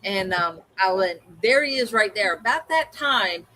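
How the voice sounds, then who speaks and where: Co-hosting a livestream hangout, a woman tells a story in casual chat and acts out the people she quotes. Her mid-range voice is bright and forceful, a little slow, with lively intonation, on a rough recording.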